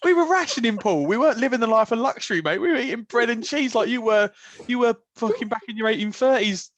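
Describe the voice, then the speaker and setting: A man's voice: very high voice, expressive, quick pace, dry recording. A man co-hosting a podcast, swearing, teasing and laughing a lot. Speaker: podcast co-host. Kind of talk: casual chat.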